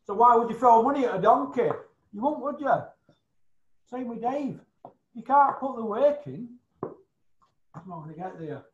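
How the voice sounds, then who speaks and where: A man's voice: very high-pitched, normal speed, long pauses, a little hiss or hum. A man ranting bluntly in casual chat, swearing freely and tagging his points with questions. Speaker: show regular. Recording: roomy, slightly dull sound.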